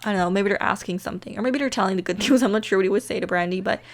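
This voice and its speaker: A young woman giving casual, giggly commentary while playing a life-sim game, chatty and excitable. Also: medium pitch, very fast, slight background noise. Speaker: gaming video creator. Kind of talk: casual let's-play commentary.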